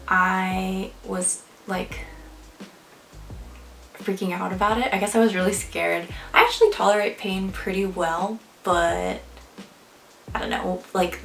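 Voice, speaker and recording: A young woman vlogger talks casually to the camera in a lowish, gravelly voice, chatty and packed with "like" and "um." The room is echoey, she's a bit far from the mic, and faint music plays behind her.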